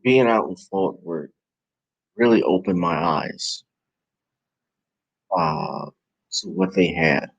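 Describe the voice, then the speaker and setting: A man with a New Orleans accent talks slowly and loosely on a late live stream, tired and yawning, his voice low and gravelly. The sound is close and dry, with no room around it, and he rambles and corrects himself as he goes. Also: no echo, highs cut off. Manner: rambling, relaxed, self-correcting. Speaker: vlogger and podcast host. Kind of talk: casual live-stream talk.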